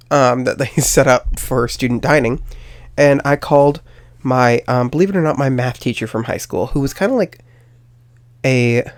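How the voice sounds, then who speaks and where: A young adult man hosts his own podcast, casually telling a personal story that rambles, mocks himself, and is full of fillers. His voice is medium-pitched and the recording is dry.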